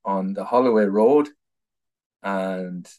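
A low-voiced Irish man talks as an interview guest. He tells stories in an easy, rambling way, stumbling and repeating words as he goes, and laughs now and then at his own anecdotes. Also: slow pace, dark tone. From Ireland. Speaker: guest, political activist. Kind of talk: casual conversational storytelling.

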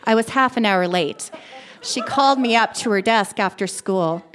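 A woman reading a first-person short story aloud in a steady, plain manner. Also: a little high, moderate pace. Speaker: reader.

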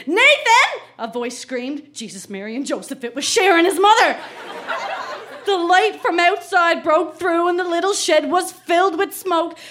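A woman with a Newfoundland accent reading her childhood diary aloud on stage, laughing through her lively delivery. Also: extremely high pitch, slight background noise. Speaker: reader at a live storytelling show. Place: live venue stage.

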